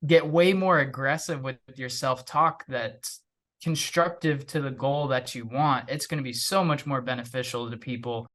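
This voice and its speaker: A man's voice: medium pitch, fairly bright tone. A man hosting a podcast conversation, laid-back and agreeable.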